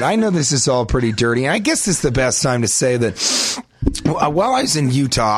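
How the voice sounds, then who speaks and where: A young adult man co-hosting a comedy podcast, telling absurd stories in a deadpan way and breaking into shrieking voices. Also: mid-range voice, slight background noise. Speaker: podcast co-host.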